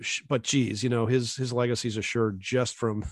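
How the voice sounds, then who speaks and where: A man in casual music talk, enthusiastic and a bit rambling, laughing easily between thoughts. His voice sits at a middle pitch and sounds dry and close to the mic. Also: fairly even intonation, normal speed, slightly rough, dry recording. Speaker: radio show co-host.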